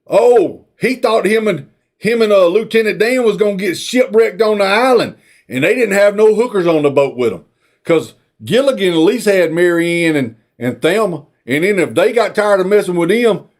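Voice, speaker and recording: High, lively storyteller man. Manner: rambling, folksy, drawling asides. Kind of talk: comic rambling movie retelling.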